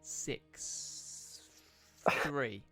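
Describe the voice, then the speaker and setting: A man's voice: very slow, sharp tone, soft background music. Hesitant man running a tabletop game. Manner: hesitant, filler-heavy, self-deprecating. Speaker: game master. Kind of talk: narrating a tabletop game livestream.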